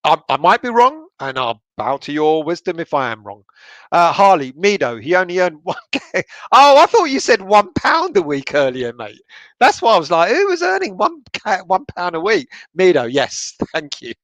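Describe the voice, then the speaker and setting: Man, higher voice, dry close sound, casual livestream banter, laughs often. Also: sing-song, moderate pace, fairly bright tone, no room sound. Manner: laughs a lot, sweary banter with viewers. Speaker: football channel livestream host. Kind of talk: casual livestream chat reading viewer comments.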